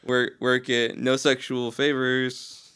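A man's voice: mid-range voice, completely flat delivery, slow, fairly bright tone, clean tone. A man from Michigan, a comedian guest, joking crudely and with goofy mock grandeur on a podcast.

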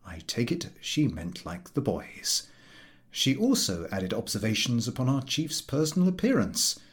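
A man reading a humorous novel aloud as an audiobook, with a wry and expressive delivery. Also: mid-range voice. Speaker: audiobook reader.

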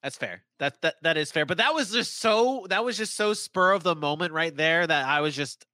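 A man hosting a casual sports podcast, excitable and quick to laugh, often repeating his words. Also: a little high, no echo. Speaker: podcast host.

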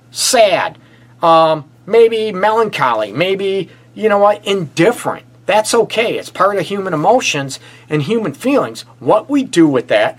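A middle-aged man from the Detroit area hosting a casual relationship advice show, blunt and animated, often calling his listeners "people". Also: fairly high pitch. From Detroit area, USA. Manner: animated and blunt, addresses listeners as "people", frequent "you know what". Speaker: relationship counselor and show host.

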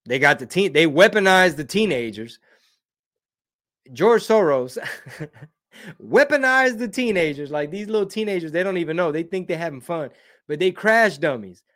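A slangy man rambles through viewer comments on a casual live stream. His voice sits a bit high for a man, and he drops Spanish words into his talk. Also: fairly bright tone. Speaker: comedian hosting a live stream.

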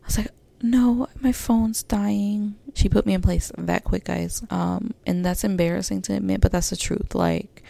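Woman podcast host, low gravelly voice, candid rambling monologue. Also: little pitch movement, brisk, hardly any pauses, warm tone, dry recording. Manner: candid, rambling, many fillers and restarts.

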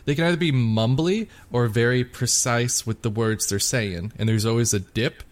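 A man's voice: mid-range voice, moderate pace. A man with a mid-range voice chats loosely on a podcast. He rambles, circles back and leans on filler words. His tone is teasing and offhand. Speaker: podcast co-host. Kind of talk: casual chat.

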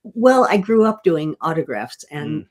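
Older lady actress reminiscing in an interview, husky breathy voice, lots of restarts. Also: low-pitched, sing-song, darkish tone. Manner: hesitant, halting restarts, chuckling. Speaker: guest, veteran actress. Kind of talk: interview storytelling.

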